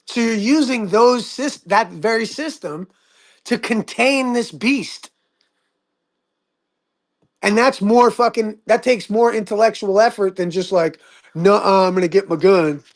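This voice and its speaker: A man leading a casual group discussion, talking emphatically in quick bursts and swearing freely. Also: high-pitched.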